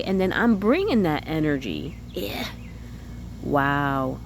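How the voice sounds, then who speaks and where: Woman, low voice, candid reflective vlog monologue, thinking aloud to camera, faint hiss behind. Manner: candid, self-questioning, says "you know what I'm saying" often. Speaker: vlogger.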